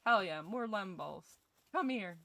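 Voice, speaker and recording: Young scottish woman, streamer, slow-talking, joking, sweary, chatty. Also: mid-range voice, animated, creaky, background noise. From Scotland. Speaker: gaming streamer. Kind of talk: casual game commentary with chat.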